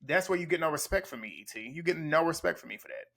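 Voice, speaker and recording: A man's voice: a little high, very animated, fast talker, creaky, a bit bright. A man giving blunt, profane play-by-play commentary as he recaps a reality TV show. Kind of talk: casual reaction commentary.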